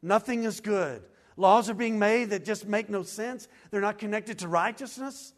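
A man with a high voice preaches a sermon. He is earnest, rising into loud pleading and then dropping to hushed, low lines. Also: normal speed. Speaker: pastor.

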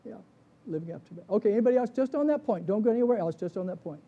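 A man's voice: high-pitched, expressive, very fast, highs cut off. A man, a pastor, leading a conversational Bible study, often checking in with the class with questions.

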